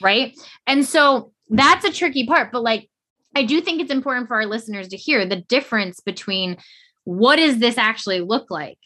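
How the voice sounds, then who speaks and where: Bright-voiced candid woman co-host. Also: a little high, moderate pace. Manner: candid, acts out quoted examples. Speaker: podcast co-host. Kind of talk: casual podcast chat.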